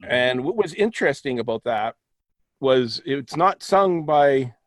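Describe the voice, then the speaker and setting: A man of middle pitch talks through a film review in a loose, rambling way, often restarting his sentences. His voice is recorded close and dry, with no room echo. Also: lively intonation, unhurried. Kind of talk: casual film review chat.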